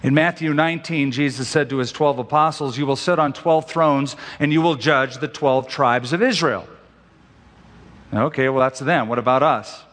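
A man preaching a sermon as pastor, slowing down and stretching out the scripture he quotes for emphasis. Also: medium pitch, a bit bright. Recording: long hall reverb.

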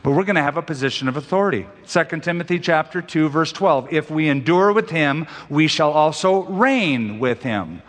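A male pastor delivering a sermon in a big church sanctuary, his voice carrying a long reverb. His pitch sits a little above most men's, and he draws out the scripture he quotes, slow and weighty. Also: lively intonation, fairly bright tone. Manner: preaching, slows and stretches scripture quotes for emphasis.

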